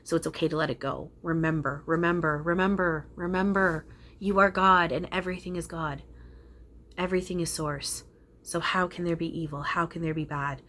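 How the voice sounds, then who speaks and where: Woman channeler, casual and profane, low steady voice with a faint hiss behind. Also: fairly quick. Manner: rambling, earnest, casually profane. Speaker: spiritual channeler. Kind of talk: casual spiritual talk to viewers.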